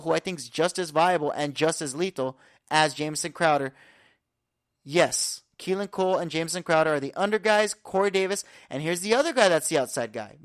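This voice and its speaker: A man's voice: sits high, dry recording, clean studio sound. Confident man rattling off sports stats. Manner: energetic, confident, stat-heavy rundown. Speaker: podcast host. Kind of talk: casual sports analysis talk.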